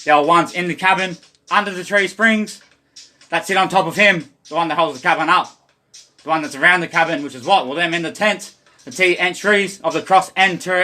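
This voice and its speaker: Australian man, livestreamer; rambling and profane, higher tense voice. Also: pushed and bright. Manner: rambling, profane, stream-of-consciousness. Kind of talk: rambling monologue.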